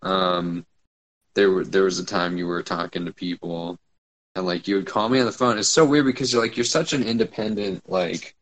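A man's voice: deep voice, steady tone, moderate pace. A young man co-hosting a casual podcast chat, rambling with many fillers and swearing freely. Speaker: podcast co-host.

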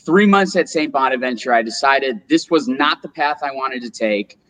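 A man in his twenties from upstate New York, an interview guest telling a long personal story in a lively, animated way. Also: medium pitch, moderate pace, a little hiss or hum, rough recording. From Rochester, New York, US. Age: 20s. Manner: animated storyteller, acts out quotes. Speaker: guest, solar business owner.

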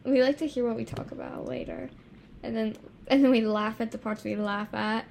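A young woman co-hosting a casual podcast, easygoing and softer-spoken, laughing along with her friend. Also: a little high, fairly even intonation, normal speed, vocal fry, a little hiss or hum. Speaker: podcast co-host. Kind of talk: casual chat.

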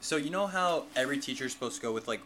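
A young man telling a story in a relaxed, casual podcast chat with friends. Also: medium pitch, rapid-fire, a loud crowd. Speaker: podcast co-host.

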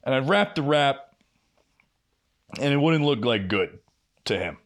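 This young co-host of a podcast speaks at a measured pace in a mid-range voice, casually relating a lengthy work story. Swearing frequently, he animatedly performs both sides of each quoted exchange.

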